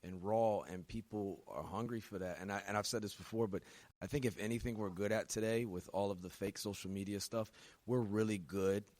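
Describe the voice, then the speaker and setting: A man's voice: on the low side, fairly even intonation, fairly quick, a little mellow, dry recording. A man hosting an interview, who keeps affirming his guest and adds his own reflective thoughts. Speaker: podcast host. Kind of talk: interview chat.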